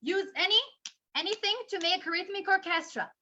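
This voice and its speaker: A woman with a very high, bright voice leads a training webinar for tutors. She talks with lots of energy and breaks into children's songs to show how they are taught. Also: normal speed, slight background noise. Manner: energetic, sings and demonstrates songs. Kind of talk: lively teaching demo with singing.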